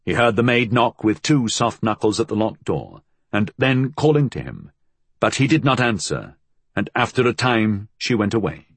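A man reading a novel aloud as an audiobook narrator, measured and expressive. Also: on the low side, husky, dry recording.

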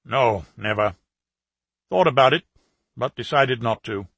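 Calm, probing male spy in a put-on British working-class accent, voiced by a male narrator, husky and a bit raised. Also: mid-range voice, measured pace, no room sound.

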